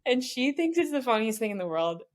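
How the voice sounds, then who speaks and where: A woman's voice: fairly high pitch, big pitch swings, a little fast. A woman in her twenties, a professional triathlete, chatting candidly in an interview and retelling a tough race while quoting herself and others along the way. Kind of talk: casual storytelling in a podcast interview.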